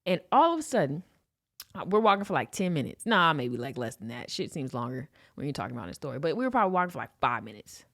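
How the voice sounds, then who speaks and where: A man's voice: fast talker, dry recording, clean studio sound. A young man from Los Angeles, a podcast co-host telling a story in casual chat, swearing freely and acting out quotes. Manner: animated storyteller, swears freely, acts out quotes with big pitch jumps.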